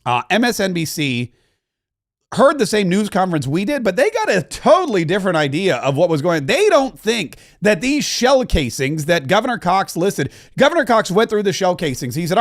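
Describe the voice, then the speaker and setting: A man's voice: sits high, sing-song, moderate pace, no room sound, clean studio sound. A man hosting a political commentary show, talking in an emphatic, indignant and often sarcastic way. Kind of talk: opinionated commentary.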